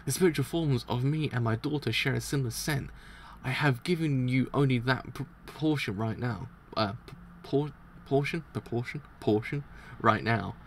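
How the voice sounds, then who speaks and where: A man reading aloud as a cold, commanding male mafia boss, speaking in calm, measured instructions. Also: medium pitch, slight background noise, close to an everyday voice. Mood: cold, instructing.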